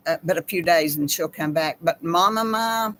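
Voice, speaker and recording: A woman's voice: on the low side, low-quality recording. A woman hosts a casual chat with her viewers and reads aloud in a heartfelt, emotional way. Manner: slow, heartfelt, emotional reading. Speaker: channel host.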